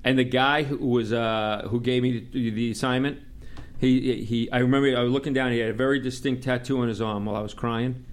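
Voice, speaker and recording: A middle-aged man from Long Island with a New York accent, telling profane, animated stories in casual talk and mimicking the people in them. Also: medium pitch, brisk. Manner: animated, profane, mimics others in quoted dialogue. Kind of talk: casual storytelling.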